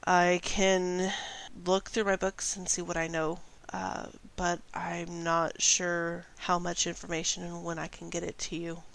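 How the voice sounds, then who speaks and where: A woman's voice: lowish voice, completely flat delivery, unhurried, gravelly, few pauses, a bit bright. A woman voicing a mother who studies demons, answering hesitantly and rambling a little. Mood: uncertain. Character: mother, scholar of demons and devils.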